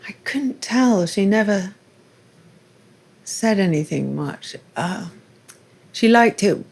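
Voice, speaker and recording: A woman's voice: medium pitch, animated, slow pace, creaky, a little mellow, slightly rough. A woman hosting a casual onstage conversation at a live festival, speaking in a candid, personal and thoughtful way. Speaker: interviewer and show host.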